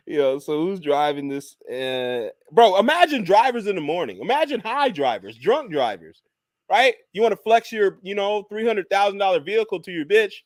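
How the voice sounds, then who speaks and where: A man's voice: sits high, sing-song, normal speed, no room sound. A man hosting a podcast, ranting in casual chat with lots of profanity. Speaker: podcast host.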